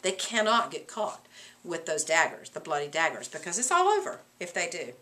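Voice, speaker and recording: A woman teacher explaining a play to her class in an animated way, asking the class rhetorical questions. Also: fairly low pitch, normal speed.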